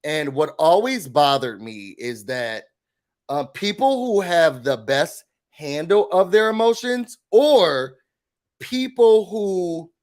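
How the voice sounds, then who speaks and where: Male recap host, high-pitched, sassy and animated, casual live-chat delivery. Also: slow pace. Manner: animated, sassy, emphatic opinions. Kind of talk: casual livestream reality-TV recap.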